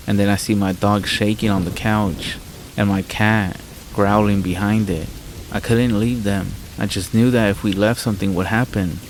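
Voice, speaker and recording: Male horror narrator, gravelly and low, calm scripted read over soft rain. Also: normal speed, low-quality recording. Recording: faint rain noise behind voice. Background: rain sounds.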